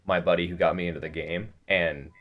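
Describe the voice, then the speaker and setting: A man's voice: low voice, steady tone, a little fast, highs cut off. A man guest on a gaming podcast, chatting casually and earnestly about playing in a tournament, a little self-deprecating. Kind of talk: casual roundtable chat.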